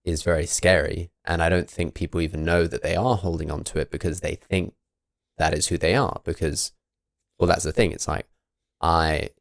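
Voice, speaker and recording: A man's voice: low-pitched, steady tone, moderate pace, gravelly, no echo, studio quality. A man hosting a podcast, talking thoughtfully and now and then acting out quoted voices. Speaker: podcast host. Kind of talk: reflective conversational talk.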